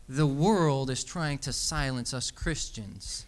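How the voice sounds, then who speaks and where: A man's voice: mid-range voice, a little slow, few pauses. Man preaching an emphatic sermon. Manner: storytelling, animated, emphatic exhortation.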